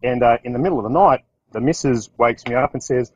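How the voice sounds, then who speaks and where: A man's voice: medium pitch, quick pace, breathy edge, no echo, muffled recording. Middle-aged Australian man, business owner, spinning loose anecdotes with restarts; dry, close sound. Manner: rambling anecdotes with restarts, acts out quotes. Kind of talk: casual storytelling talk.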